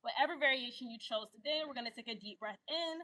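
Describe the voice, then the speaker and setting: A woman teaching a guided yoga class, giving calm breath cues and slipping into casual, slangy chatter. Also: a little high, fast, poor audio. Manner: calm cueing that breaks into chatty, animated asides. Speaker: yoga instructor.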